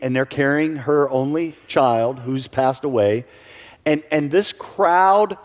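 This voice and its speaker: A male pastor giving an earnest sermon who often repeats his first words when starting a sentence. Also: mid-range voice. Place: church sanctuary. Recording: church hall reverb.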